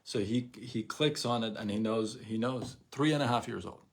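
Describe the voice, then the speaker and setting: A man hosting a casual motivational livestream, animated and rambling, repeating himself and acting out what people say. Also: lowish voice, normal speed. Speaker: live show host.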